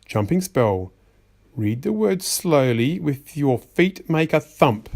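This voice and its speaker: A man reading a rhyming storybook aloud, giving slow, measured spell instructions. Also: fairly high pitch, sing-song, vocal fry, a little mellow. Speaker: storybook reader.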